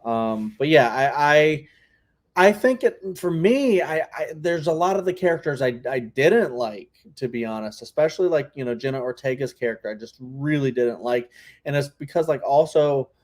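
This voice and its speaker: A man's voice: medium pitch, animated, normal speed. A man co-hosting a casual podcast chat, talking in a rambling way full of filler words. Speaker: podcast co-host.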